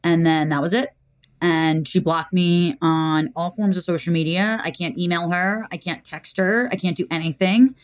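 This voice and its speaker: Animated young woman telling a story. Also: fairly low pitch, moderate pace. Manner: animated, acts out quotes. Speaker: podcast guest. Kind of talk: casual storytelling chat.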